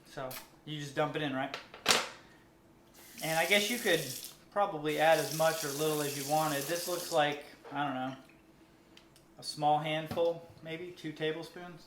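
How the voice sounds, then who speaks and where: A man's voice: a little high, fairly even intonation, a little slow. A man co-hosting a home cooking video, chatting casually and thinking aloud as he tastes. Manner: easygoing, thinking aloud while tasting. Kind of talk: casual kitchen chat. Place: home kitchen. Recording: echoey kitchen with loud background noise.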